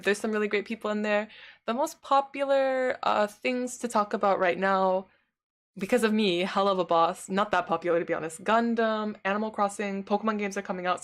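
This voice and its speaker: A woman streamer chatting casually with her live chat. She rambles, fills her talk with "like" and laughs often. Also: mid-range voice.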